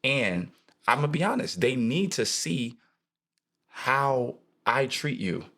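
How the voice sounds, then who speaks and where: Animated, jokey man co-hosting a podcast. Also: medium pitch, takes it slowly, gravelly. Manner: animated, jokey, preacher-like emphasis. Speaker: podcast co-host. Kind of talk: casual chat.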